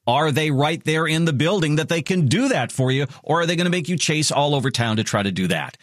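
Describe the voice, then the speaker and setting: A man hosting a financial radio show, talking in an animated, punchy way and repeating promotional plugs. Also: a little high, brisk, no echo, studio quality. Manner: animated, punchy, leaning hard on repeated slogans.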